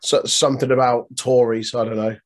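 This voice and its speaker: A man's voice: mid-range voice, little pitch movement, a little fast. A man co-hosting a casual podcast chat, cracking dry, sweary jokes and mimicking the people he talks about. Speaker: podcast co-host.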